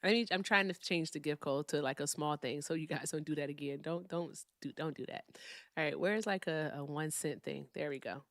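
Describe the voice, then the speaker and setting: Lady streamer chatting w her viewers, dry close mic, laughs a lot, animated. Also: sits low, fairly quick, no echo. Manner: animated, laughs often, talks to the chat. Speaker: livestream host. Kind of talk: casual live-stream chat.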